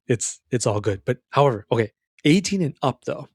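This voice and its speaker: A man's voice: mid-range voice, lively intonation, fairly quick, breathy edge, no room sound, studio quality. A young adult man hosting a casual film talk for men, rambling and calling the listener brother. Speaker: men's self-help film commentator. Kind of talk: casual monologue about a film.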